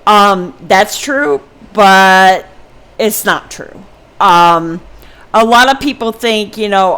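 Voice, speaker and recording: A woman's voice: mid-range voice, lively intonation, slow pace, a bit bright. Rambling middle-aged woman vlogger. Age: 50s. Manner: rambling, frank, many ums and restarts. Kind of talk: casual personal talk to camera.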